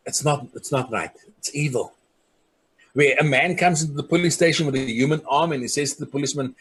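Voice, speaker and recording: A community leader speaking earnestly, recounting his people's hardships and acting out the voices of those he quotes. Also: slightly rough. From South Africa. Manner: earnest, acts out the voices of people he quotes, drops soft and low on grave points. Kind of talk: personal storytelling speech.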